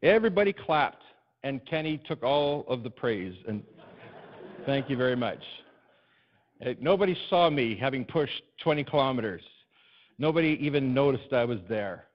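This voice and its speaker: A pastor telling a personal story in a sermon, building to emphatic, repeated refrains. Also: male voice, medium pitch, expressive, moderate pace. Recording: dull lo-fi recording.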